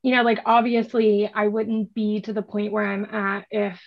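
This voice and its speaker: A woman's voice: medium pitch, level tone, normal speed. A woman chatting casually, reacting to a story and then weighing in with her own view. Her recording sounds a little dull and muffled. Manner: reactive listener, short interjections. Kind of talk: casual conversation.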